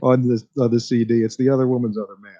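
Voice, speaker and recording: A man, a guest musician on a radio show, talking in a relaxed, easygoing way. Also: medium pitch, quick pace. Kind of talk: casual radio interview. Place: radio studio. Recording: dull lo-fi radio broadcast.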